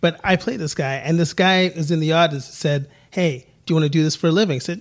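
A man's voice: a little high, fast, hardly any pauses. A middle-aged man from England, a podcast guest, chatting casually, laughing often and acting out quotes in his stories. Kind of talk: casual interview chat.

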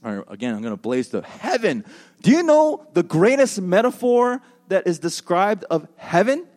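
Male pastor, fairly high and very lively delivery, humorous, conversational sermon. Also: moderate pace. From United States. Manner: animated, joking, conversational preaching.

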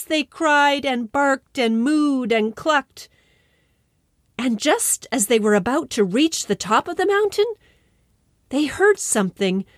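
A woman telling a children's story, expressive and lingering on repeated phrases as she narrates. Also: sits high, takes it slowly, no echo, clean studio sound. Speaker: storyteller and podcast host.

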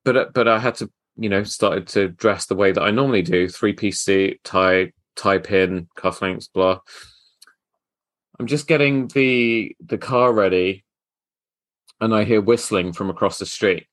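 A man who hosts a business podcast and works as a tailor, telling stories in a relaxed way. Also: on the low side, unhurried, no room sound. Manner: relaxed storyteller. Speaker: host, tailor. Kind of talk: casual interview chat.

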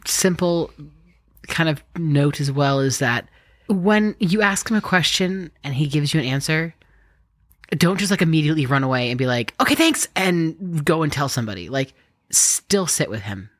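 A woman co-hosting a casual faith chat, animated, jumping in and acting out little quotes. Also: sits low, moderate pace, no room sound, clean studio sound. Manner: animated, jumps in, acts out quotes.

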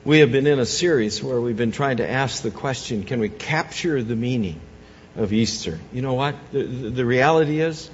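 A man preaching an Easter sermon as pastor. He swings between soft, low reflection and loud, raised preaching, and often repeats words and restarts phrases. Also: expressive, moderate pace, slight background noise. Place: church sanctuary. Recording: dull, echoey church hall.

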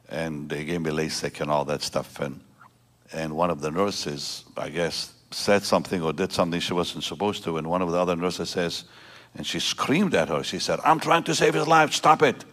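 A pastor in his seventies gives an emotional personal testimony to a church congregation, with halting restarts. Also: very deep voice, steady tone, fairly bright tone. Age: 70s. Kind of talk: prayer and personal testimony sermon. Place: church service before a congregation.

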